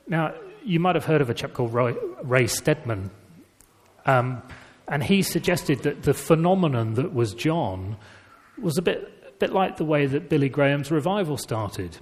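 A man's voice: fairly high pitch, normal speed. A man preaching a sermon in a conversational, storytelling way. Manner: conversational storytelling with lively emphasis. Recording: reverberant church hall.

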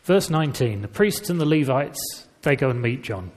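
A man's voice: mid-range voice, normal speed. A man preaching a sermon in a conversational, storytelling way. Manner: conversational storytelling with lively emphasis. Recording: reverberant church hall.

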